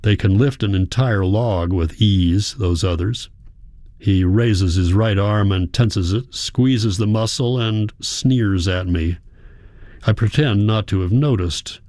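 Deep dude reading a story aloud, steady and even, super dry close mic. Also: male voice, dry recording. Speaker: audiobook narrator. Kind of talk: first-person scripted narration.

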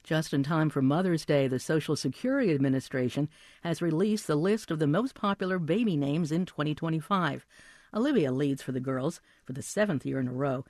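A man reading a radio news bulletin in an even, crisp delivery. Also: a little high, fairly quick, no echo, studio quality. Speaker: newscaster.

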